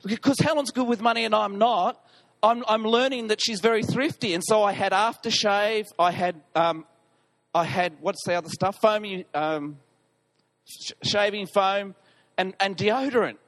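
A pastor with a high, light voice tells a story in a sermon. His delivery is animated, and he often pokes fun at himself. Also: moderate pace. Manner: animated, self-deprecating storytelling.

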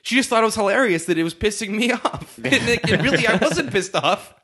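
A man's voice: high voice, animated, brisk, pushed and bright, breathy edge. Laughing young man telling a story. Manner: laughs often, acts out voices in his story. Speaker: podcast host. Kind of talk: casual storytelling chat.

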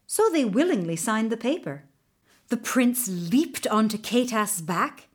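A woman's voice: mid-range voice, expressive, a little slow, breathy edge. A woman narrating a folk tale from a storybook, reading with voiced characters.

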